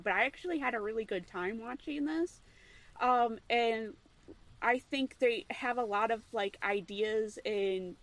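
A young woman on a casual podcast, speaking hesitantly with many fillers. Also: medium pitch.

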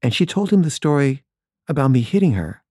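A man's voice: medium pitch, big pitch swings, brisk, warm tone, husky, no echo, clean studio sound. A man telling a candid personal story from his past in a wry, conversational way.

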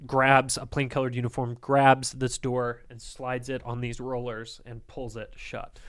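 A man's voice: medium pitch, level tone, a little slow, fairly bright tone, smooth, no room sound. A man narrating a tabletop game as game master, rambling with many hesitations and frequent laughs.

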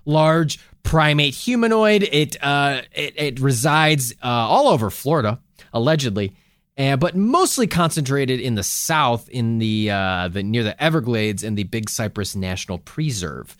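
A man co-hosting a comedy podcast, rambling along playfully with plenty of filler words. His pitch bounces around animatedly, and the sound is dry and close to the mic. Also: very animated, measured pace, a bit bright, no echo. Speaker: podcast co-host. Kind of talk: casual podcast chat.

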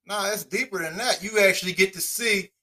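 A man co-hosting a podcast, chatting in a relaxed, slangy way and arguing his points. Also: sits high, brisk. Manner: laid-back, slangy, argues his point. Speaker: podcast co-host. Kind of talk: casual chat.

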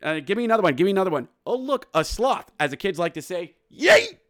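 A fairly high-voiced man recaps a hockey game in a loose, chatty way, calling each pass and then erupting into loud goal calls. He keeps cracking jokes at his own expense. The sound is dry and close, with no room around it. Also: fast, dry recording. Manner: excitable, bursts into shouted goal calls; jokey, self-mocking asides. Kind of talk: casual game recap with play-by-play.

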